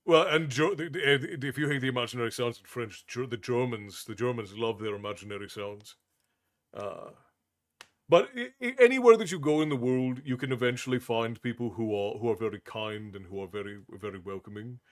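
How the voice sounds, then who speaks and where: Man, stream host, loose rambling chat with lots of restarts and chuckles, mid-pitched voice. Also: fairly quick. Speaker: livestream host. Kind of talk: casual chat with viewers.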